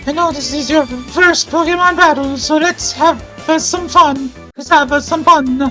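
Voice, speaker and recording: Peppy young trainer girl, high falsetto with a hammy Italian accent; a man puts her on for a game playthrough. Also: normal speed, bright, forceful tone, soft background music, full character voice, poor audio. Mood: cheerful.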